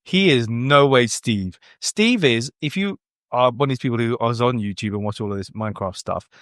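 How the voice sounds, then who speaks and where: A man's voice: mid-range voice, very animated, brisk, a bit bright, dry recording, clean studio sound. A British man hosting a casual podcast chat, talking in a chatty way and reeling off facts and figures. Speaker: podcast host.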